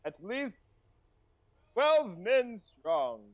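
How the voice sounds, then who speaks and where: A high-voiced man speaking with lively, swooping pitch. He delivers formal, pompous lines in character at a tabletop game. The sound is dry and close. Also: extremely slow, no room sound, rough recording. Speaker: player. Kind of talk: in-character tabletop role-play.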